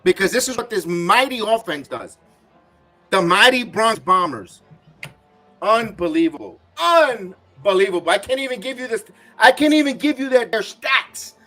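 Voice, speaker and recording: A man's voice: sits high, expressive, moderate pace, sharp tone. A man hosting a live baseball watch-along, ranting and cursing as an irate fan giving game reaction commentary.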